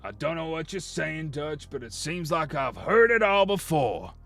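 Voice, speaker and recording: A tired, gruff outlaw from a western video game speaks with a mock drawl, as a man puts him on. He sounds worn out and unimpressed by the big speeches he keeps hearing. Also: fairly high pitch, sing-song, unhurried, a bit bright, soft background music, pitched above the performer's own voice, exaggerated voice. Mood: weary.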